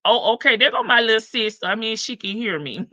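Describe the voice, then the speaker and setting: A woman's voice: fairly high pitch, animated, fairly quick, sharp tone, dry recording. An older woman hosting a casual live stream, greeting viewers one by one and stretching out her hellos. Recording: dull lo-fi stream audio.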